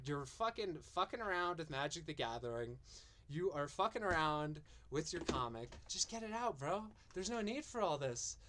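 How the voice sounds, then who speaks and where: A man's voice: on the high side, pushed and bright. A man hosting a stream, ranting in a profane, mocking and exasperated way. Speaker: streamer and show host.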